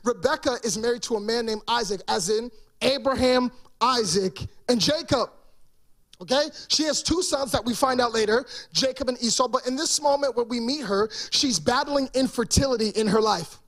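A man's voice: very high-pitched, normal speed, a bit bright. A male pastor preaching an emphatic sermon and throwing rhetorical questions to the congregation.

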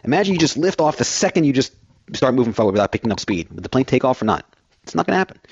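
A man's voice: mid-range voice, very animated, very fast, slightly rough, dry recording, lo-fi sound. A man filling in as host of a financial radio show, rambling through everyday analogies.

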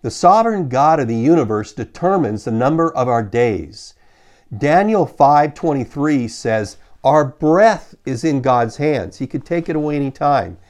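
A middle-aged man preaching a sermon as pastor, measured and slowing down to read scripture aloud. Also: mid-range voice, lively intonation, darkish tone.

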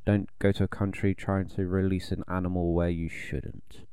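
A man's voice: low-pitched, flat delivery, normal speed, mellow, smooth, no echo, studio quality. A man co-hosting a podcast in casual chat. He rambles, jokes and trails off mid-thought. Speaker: podcast co-host.

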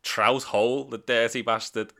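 A man's voice: mid-range voice, steady tone, moderate pace, vocal fry, noisy background. A man hosting a podcast, casual and exasperated with his friends. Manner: exasperated, sweary. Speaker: podcast host. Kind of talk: casual banter.

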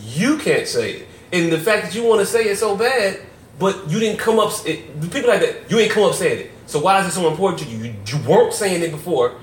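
A man co-hosting a podcast in casual chat, animated and laughing often, stumbling over restarts. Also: high voice, fast, recorded from a distance. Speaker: podcast co-host. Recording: roomy, from off-mic, faint noise.

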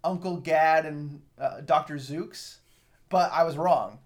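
A man's voice: on the high side, slow pace. A man co-hosting a casual movie review chat, sarcastic and crude, laughing often. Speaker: podcast co-host.

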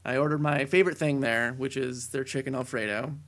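A young man co-hosting a casual podcast, telling a long story with many fillers that builds to excited shouting. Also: medium pitch, brisk. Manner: rambling tall tale, building to excited shouting. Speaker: podcast co-host.

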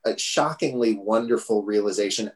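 A man's voice: lowish voice, moderate pace. A man hosting a podcast, talking casually and rambling with lots of fillers. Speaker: podcast host. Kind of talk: casual chat.

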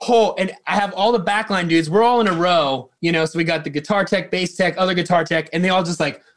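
Man, high voice, drum tech guest, rambling casual storytelling, swears a lot. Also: fast talker, a bit bright. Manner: rambling, lots of fillers and swearing.

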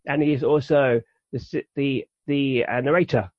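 A podcast co-host from the UK speaks at a normal pace with fairly even intonation and a medium pitch, rambling enthusiastically about a cartoon in casual chat. The recording is dry, dull and lo-fi.

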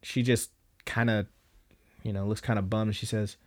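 A man's voice: lowish voice, flat delivery, normal speed. Guy on a podcast going through an anime ep, swears a lot, rambly. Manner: loose and profane, many fillers. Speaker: podcast host. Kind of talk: casual recap of an anime episode.

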